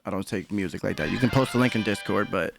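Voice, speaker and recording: A man with a deep, smooth voice hosting a casual live-stream commentary, rambling and swearing freely. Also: fast talker, over music. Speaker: livestream commentary host.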